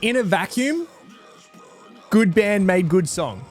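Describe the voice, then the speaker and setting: An Australian man streams a casual music reaction, thinking aloud in an earnest, rambling way, often interrupting and restarting himself. His voice is high-pitched and sing-song, and he speaks slowly.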